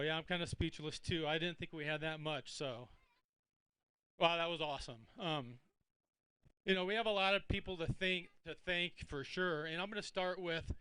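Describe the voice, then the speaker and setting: A man's voice: sits high, moderate pace, bright, forceful tone, smooth, no room sound, rough recording. A man, a tournament angler, telling what happened on the water in a rambling, casual way. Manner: rambling, with fillers and restarts. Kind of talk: casual storytelling speech.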